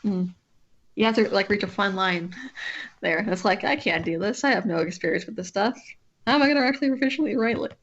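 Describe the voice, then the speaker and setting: A woman's voice: medium pitch, fairly quick, highs cut off, a little hiss or hum. A woman streamer chatting casually with a friend while drawing, rambling and often breaking off to restart her sentences.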